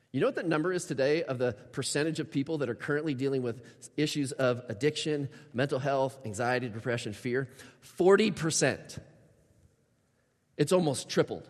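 A man preaching a sermon as a pastor, emphatic and acting out prayers in a lifted voice. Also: mid-range voice. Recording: reverberant hall sound.

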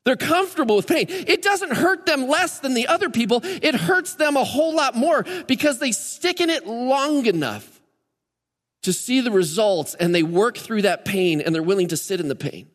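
An American man preaching a sermon in a conversational, energetic way, his voice climbing higher when he gets excited. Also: moderate pace, big-room sound. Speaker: pastor. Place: church sanctuary.

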